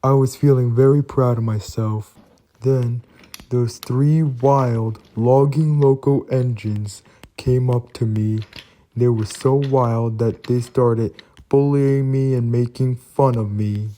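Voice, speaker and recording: A man's voice: medium pitch, fairly even intonation, slow pace, warm tone, close to an everyday voice. A man voicing a timid new little male engine who speaks earnestly and apologetically. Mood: sad.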